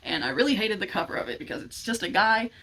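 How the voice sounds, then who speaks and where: A woman's voice: mid-range voice, expressive, quick pace, pushed and bright, a little hiss or hum, poor audio. A young woman in casual chat to the camera, giggling often as she rambles and gushes. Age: young adult. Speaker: vlogger.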